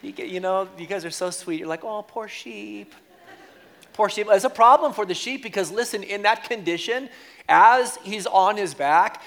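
Guy pastor preaching, kinda high voice, jokey and lively, repeats stuff for emphasis. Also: normal speed. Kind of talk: sermon.

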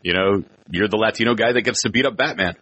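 A man's voice: lowish voice, fast talker, fairly bright tone, slight background noise. A man hosting an interview, asking long, thoughtful questions. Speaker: interview host. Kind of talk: casual interview chat.

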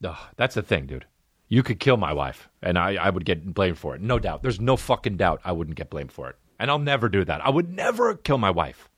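Male comic podcast host, lowish, swearing and animated, dry close mic. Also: brisk, slightly rough, no room sound. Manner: profane, excitable ranting that jumps into yelling bits. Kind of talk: casual comedic monologue.

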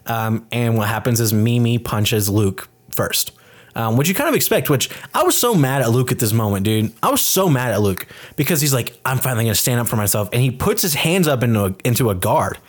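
A man in casual podcast chat, retelling a film scene by scene. He talks with animated energy and breaks into raised, mocking voices to act out the characters. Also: mid-range voice, normal speed. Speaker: podcast co-host. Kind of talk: casual movie review chat.

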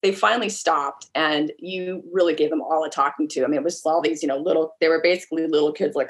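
Woman, lowish voice, animated storytelling, acts out quotes. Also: fast talker, hardly any pauses. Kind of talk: casual storytelling chat.

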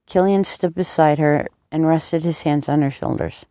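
A woman narrating a romance story in a calm, measured reading. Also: sits low, no echo, studio quality. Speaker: audiobook narrator.

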